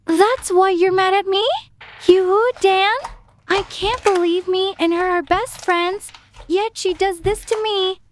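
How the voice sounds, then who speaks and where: A woman doing a squeaky gushing pick-me girl. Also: fairly even intonation, slow, a little hiss or hum. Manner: gushing, fake-innocent, dramatic. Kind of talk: voiced storytime animation.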